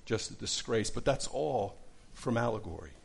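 Gravelly middle-aged man teaching Bible study. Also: medium pitch, expressive, moderate pace. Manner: conversational, many fillers and restarts. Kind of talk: casual Bible study lesson.

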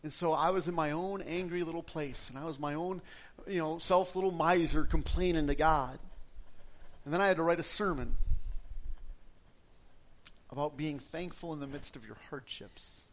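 A middle-aged man preaches a sermon like he is chatting, telling his own story with frequent restarts. His voice sits a little higher than most men's. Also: normal speed, long pauses. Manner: conversational, personal storytelling with repeated restarts. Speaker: pastor.

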